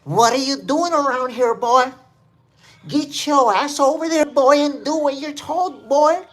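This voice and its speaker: Sneering bossy cop, put on by a man, barking orders, pitched high, loud, mocking. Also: unhurried.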